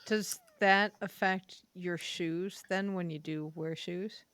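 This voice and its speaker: A woman's voice: lowish voice, fairly even intonation, slow pace, fairly bright tone, clear, resonant tone. A woman co-hosting a podcast interview, asking questions conversationally. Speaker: podcast co-host. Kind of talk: casual interview chat.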